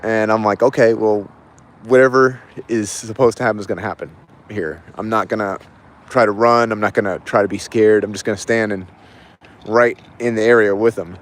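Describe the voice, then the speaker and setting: A man's voice: on the low side, steady tone, fairly quick. A man livestreaming, casually telling a long story in a rambling way, full of "like" and repeated phrases. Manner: rambling, repeats himself, lots of "like".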